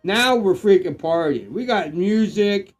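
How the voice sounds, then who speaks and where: A middle-aged man who is getting drunk, chatting loosely on a livestream, rambling, swearing and breaking into excited shouts. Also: high-pitched, unhurried, faint music behind. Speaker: live stream co-host. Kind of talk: casual livestream chat.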